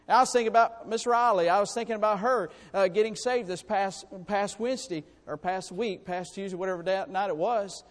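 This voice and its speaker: A man preaching a sermon to his congregation, in a folksy, animated way with calls for amens. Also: sits high, brisk, hardly any pauses. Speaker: pastor. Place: church sanctuary. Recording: long reverb in a church hall.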